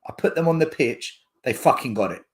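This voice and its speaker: A man's voice: medium pitch, lively intonation, a little fast. A man co-hosting a casual football podcast, emphatic and sweary, with frequent laughter. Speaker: podcast co-host, youth football coach.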